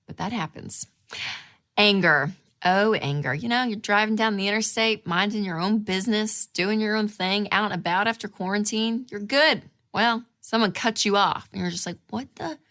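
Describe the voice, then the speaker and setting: A woman in her thirties hosting a show, talking casually to camera in an animated way, acting out inner voices with big jumps in pitch. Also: normal speed. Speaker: show host.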